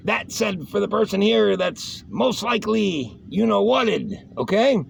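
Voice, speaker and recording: Host, male, high gravelly voice, rambling and profane, casual commentary. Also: big pitch swings, measured pace. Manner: rambling, joking and swearing. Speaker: show host.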